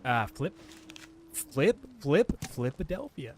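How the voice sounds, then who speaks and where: A man streaming a video game, chatting casually in an animated way, often chuckling and reading in-game text aloud. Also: fairly high pitch, a little slow. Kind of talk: casual gameplay commentary.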